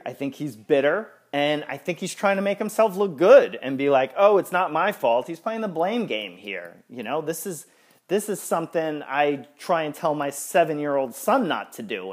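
A man hosting a sports podcast in casual chat, ranting with exasperation and stumbling restarts. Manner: lively, swinging up and down in pitch. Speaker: podcast host.

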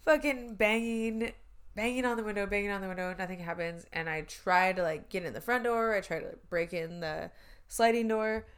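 A woman's voice: medium pitch, moderate pace, smooth. A young woman in her twenties telling a story in casual chat, swearing, laughing and using lots of fillers.

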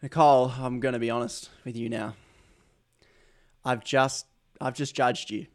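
A young Australian man hosts a chatty podcast interview, wandering into jokey tangents and mocking himself as he goes. His voice sits at an ordinary middle pitch. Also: steady tone, a little slow. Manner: rambling, self-mocking, jokey asides. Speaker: podcast host. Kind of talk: casual interview chat.

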